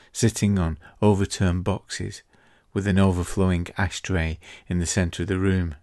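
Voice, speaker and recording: A man as game master, narrating the opening of a tabletop game in a steady, dramatic way. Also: low voice, no echo, studio quality. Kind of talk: scripted scene-setting narration.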